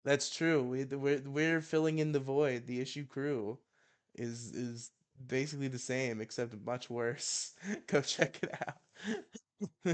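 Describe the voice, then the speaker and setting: A man's voice: mid-range voice, slow pace. A young man hosting a casual podcast chat, joking, swearing and laughing often. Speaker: podcast host.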